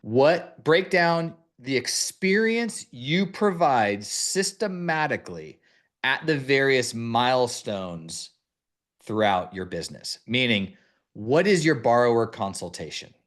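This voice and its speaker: A man's voice: mid-range voice, sing-song, slow, fairly bright tone. Guy on a mortgage podcast, voice swoops up and down a lot, walks you through steps like a coach. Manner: instructive, lays out steps one by one. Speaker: mortgage branch leader and podcast host.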